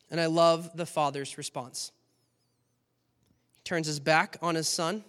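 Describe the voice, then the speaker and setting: Male preacher, high voice, animated storytelling sermon, long hall reverb. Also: normal speed. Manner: animated storytelling, acting out scenes.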